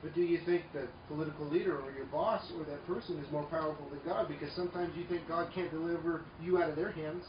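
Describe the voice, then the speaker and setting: A man preaching a sermon, emphatic, swinging between loud declarations and quiet asides. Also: fairly high pitch, steady tone, quick pace, hardly any pauses, background noise. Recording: echoey room, mic far off, dull sound, faint ambience.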